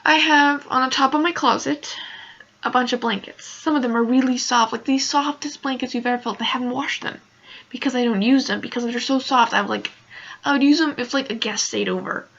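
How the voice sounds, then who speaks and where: A woman's voice: sits high, brisk, vocal fry, a bit bright, dull audio. A young woman telling a story in a casual vlog, emotional and close to tears, rambling with many fillers. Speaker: vlogger.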